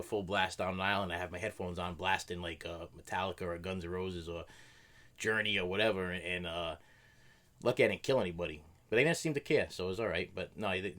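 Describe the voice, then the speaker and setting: A man's voice: sits low, a bit bright. A middle-aged man hosting a react video, chatting casually and rambling with many fillers and restarts. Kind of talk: casual chat.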